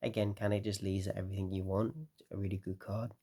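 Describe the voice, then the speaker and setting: A tired man talking casually through a card game deck, relaxed and rambling with lots of fillers. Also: low-pitched, fairly quick.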